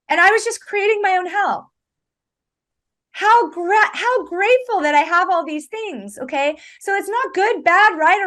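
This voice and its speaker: A woman talking as a recovery coach in an earnest, conversational way, emphatic and often checking in with "right?". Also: high-pitched. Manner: emphatic, animated, repeats "right?".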